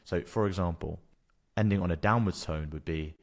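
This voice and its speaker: A man with a very low voice narrates a scripted tutorial. He explains step by step in a calm, measured way, as a doctor coaching exam candidates. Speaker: doctor teaching exam preparation.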